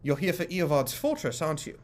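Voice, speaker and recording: A man plays a shady, irritable shopkeeper in a tabletop game, brusque and curt. The voice swings widely in pitch as he snaps at the customer, keen to get rid of him. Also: sing-song, brisk, slight background noise. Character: shady irritable male shopkeeper in a crime town.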